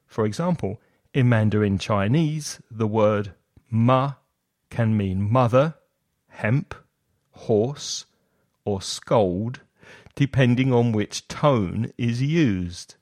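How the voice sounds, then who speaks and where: A man giving a scripted explanatory lesson, setting out terms one by one in a measured way. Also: lowish voice, darkish tone, dry recording, studio quality. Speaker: lecturer.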